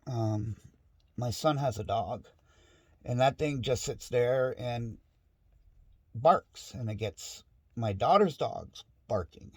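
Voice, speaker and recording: A man's voice: mid-range voice, animated, slow pace, pauses often, breathy edge, no room sound, clean studio sound. A middle-aged man in a casual, rambling monologue at home, frustrated and restarting often. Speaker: vlogger. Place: home with dogs nearby.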